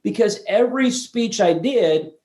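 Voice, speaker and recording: A man in his fifties, a guest on an interview show, telling stories in a lively way and often restarting words mid-sentence. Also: sits high, unhurried. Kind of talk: storytelling interview chat. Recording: roomy echo.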